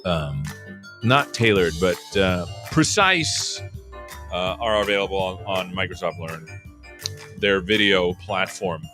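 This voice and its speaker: A man with a deep voice speaks slowly over music as host of a tech show. His casual live-stream chat is loose and jokey, packed with fillers.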